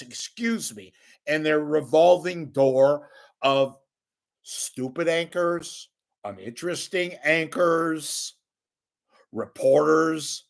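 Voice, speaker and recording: Older man, sarcastic media rant, profane, scornful, drawling, gravelly. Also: a little high, a bit bright. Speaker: media commentator. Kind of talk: ranting solo commentary.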